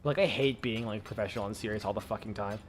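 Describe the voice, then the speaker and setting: A man's voice: on the low side, quick pace, soft background music. A man chatting casually with his stream viewers, rambling, full of fillers and swearing freely.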